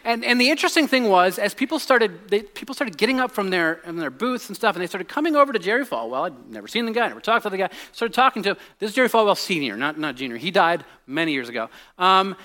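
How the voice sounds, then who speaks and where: A man in his forties giving a conversational sermon as a pastor, telling stories with lots of restarts and sinking to a hushed voice on serious points. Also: high voice, fast talker, hardly any pauses. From United States. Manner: animated storytelling, drops to a hushed voice on serious points, many restarts.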